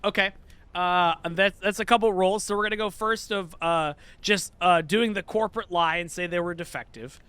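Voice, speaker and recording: A man's voice: high voice, fairly even intonation, moderate pace, pushed and bright, clear, resonant tone. A man narrating a comedic tabletop game as dungeon master, rambling and jokey with many restarts.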